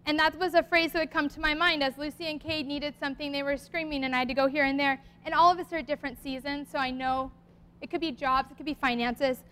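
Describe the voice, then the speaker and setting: A woman with a high, light voice speaks to her congregation in an earnest, heartfelt church talk. She sounds emotional and close to tears at times, and she reads a poem aloud. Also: fairly even intonation, quick pace, pushed and bright. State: tearful at times.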